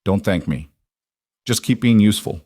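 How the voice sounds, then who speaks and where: A man's voice: fairly low pitch, animated, normal speed, mellow. A man voicing a curt, direct food truck owner in a story reading.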